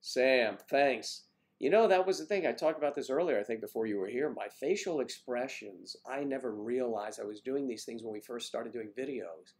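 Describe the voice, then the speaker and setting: An older man hosting a casual livestream, chatting warmly with viewers by name and rambling through stories. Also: medium pitch, normal speed, hardly any pauses. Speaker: livestream host reading viewer comments. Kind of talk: casual chat.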